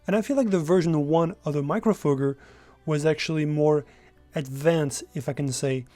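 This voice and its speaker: Young guy reviewing a gadget, kinda high voice, excited, bit of music under it. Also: normal speed, dry recording. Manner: enthusiastic, direct to camera. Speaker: product reviewer. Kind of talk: casual product review.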